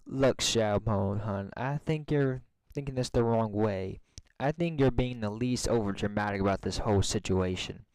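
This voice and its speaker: A man reading a fan story aloud, voicing a gentle, affectionate young female pegasus pony. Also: fairly low pitch, normal speed, no echo, natural voice, rough recording. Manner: soft, affectionate, calm.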